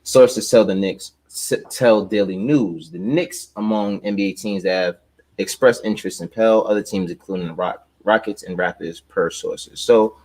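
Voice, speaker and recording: A man with a fairly low voice hosts a sports podcast in a relaxed, rambling way. He leans on fillers and talks loosely over a remote call. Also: moderate pace. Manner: laid-back, loose, with many fillers and laughs. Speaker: podcast host. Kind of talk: casual sports chat.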